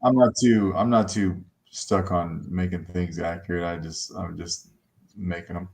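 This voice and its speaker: Low-voiced male, offhand and mumbly, casual chat. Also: fairly even intonation, measured pace, darkish tone.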